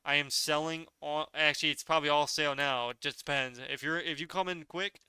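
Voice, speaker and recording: A man's voice: on the high side, fairly even intonation, fairly quick, pushed and bright, clean tone, no room sound. A man giving casual gameplay commentary as a gaming video creator, rambling loosely with lots of filler words.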